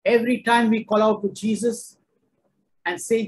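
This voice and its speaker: A man's voice: sits high, fairly even intonation, slow pace, pauses often, a little hiss or hum, rough recording. Emphatic male preacher. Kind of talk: sermon.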